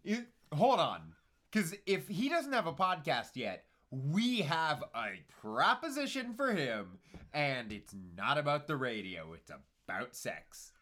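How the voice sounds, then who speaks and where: A man's voice: on the high side, big pitch swings, slow pace, pushed and bright. A man co-hosting a comedy podcast, goofy and teasing in loose banter. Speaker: podcast co-host.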